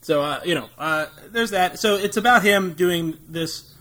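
A man's voice: high voice, unhurried, bright, forceful tone. A young American man co-hosting a podcast, chatting casually about movies with a rambling, jokey manner and frequent laughs. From United States. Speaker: podcast co-host.

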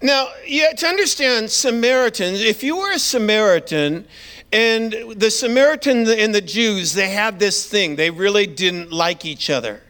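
Bright, high-voiced preaching man. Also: moderate pace, clear, resonant tone. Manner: animated storytelling, acting out biblical characters. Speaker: guest pastor. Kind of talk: sermon.

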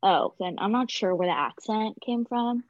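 A woman gives her blunt take on a TV episode, swearing freely, at a middle pitch. Her voice comes through a dull lo-fi mic in a dry room with no echo. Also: animated, normal speed. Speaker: podcast co-host. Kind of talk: casual chat recapping a TV episode.

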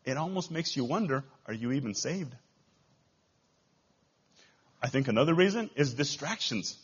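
A man with a Texan accent preaching a sermon as pastor, swinging between loud rises and quiet drops. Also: medium pitch, animated, moderate pace, breathy edge, highs cut off. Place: church.

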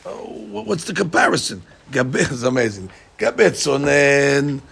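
A man teaching a Talmud study class, explaining the text in an animated way and acting out both sides of the argument in quotes. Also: on the high side, a little slow, vocal fry, slightly rough.

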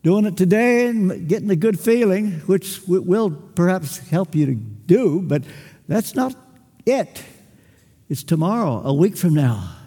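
An older man preaching a sermon, emphatic, acting out little dialogues and pausing for weight. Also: sits high, animated, mellow, breathy edge. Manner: emphatic, with acted-out dialogue and long pauses. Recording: church with long reverb.

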